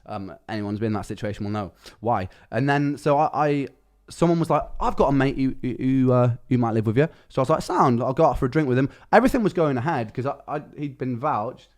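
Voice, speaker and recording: Young male streamer, rapid chatty storyteller, mid-pitched, swears a lot. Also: expressive. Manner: fast, chatty, swears freely, slangy. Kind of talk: casual storytelling chat.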